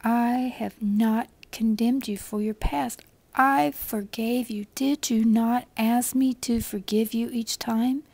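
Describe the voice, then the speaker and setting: A woman voicing a gentle, loving Lord in a hushed, soothing whisper, as whispered role-play. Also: on the high side, steady tone, slow, vocal fry, no echo, heavily acted.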